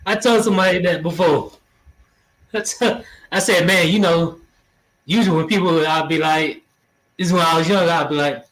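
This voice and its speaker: A man's voice: on the high side, normal speed, long pauses, fairly bright tone, low-quality recording. A man chiming in during a casual chat, telling loose slangy stories and laughing often.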